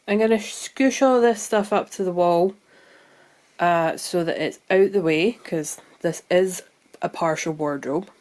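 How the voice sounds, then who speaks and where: A woman with a Scottish accent chatting casually at home for her vlog, thinking out loud as she goes. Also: on the low side, unhurried. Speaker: vlogger. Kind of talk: casual chat. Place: room at home.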